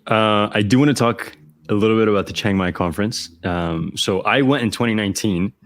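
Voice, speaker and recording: A man with a lowish voice speaks rapidly and eagerly, tossing in quick agreements while steering the interview. The sound is dry and close, with no room echo. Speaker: podcast host, interviewer. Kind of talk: casual interview chat.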